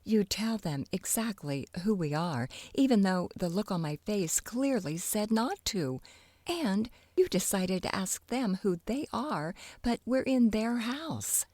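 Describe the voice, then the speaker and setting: A woman voicing an exasperated, bossy young girl in a children's storybook, shrill and impatient. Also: animated, unhurried, darkish tone, dry recording.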